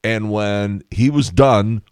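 Low-voiced podcast guy, kinda tired, wry rambling stories, dead dry mic. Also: slow pace, smooth, no echo. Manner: chatty, wry storytelling with asides and laughs. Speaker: podcast host. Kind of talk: casual solo podcast monologue.

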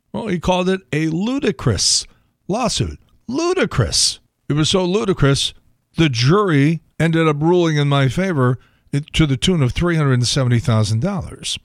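Wry American radio host, dry studio. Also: male voice, medium pitch, no room sound. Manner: wry, sardonic storytelling. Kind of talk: casual solo podcast monologue.

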